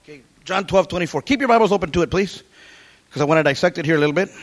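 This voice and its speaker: A middle-aged man preaching a sermon as pastor, animated, quoting scripture and cracking jokes. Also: high voice, very fast.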